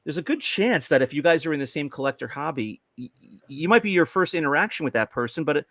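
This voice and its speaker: Male co-host, casual halting chatter on a home call mic, dry close sound, slightly higher voice. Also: animated, fairly bright tone, no echo. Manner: chatty, halting with restarts and laughs. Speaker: podcast co-host. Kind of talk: casual livestream chat.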